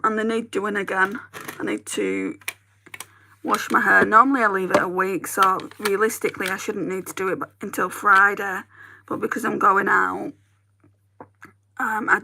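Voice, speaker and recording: Northern English beauty vlogger, chatty and rambling, crisp tone with a gravelly edge. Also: female voice, medium pitch, bright, forceful tone. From northern England. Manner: chatty, rambling, talks to viewers. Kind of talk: casual chat while doing makeup.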